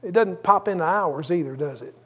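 High-voiced preacher. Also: male voice, fairly quick, fairly bright tone, husky. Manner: conversational storytelling with asides. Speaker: pastor. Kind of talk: sermon.

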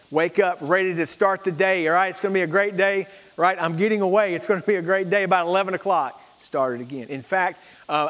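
A man's voice: high-pitched, fairly bright tone, long reverb tail. A middle-aged man preaching a sermon, praying and telling a personal story in an earnest, repetitive way. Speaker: pastor.

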